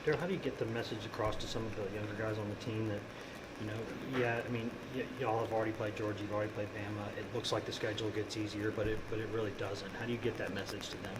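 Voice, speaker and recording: A man's voice: lowish voice, little pitch movement, fast talker. A male sports reporter asking rambling questions at a press conference. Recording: loud background noise.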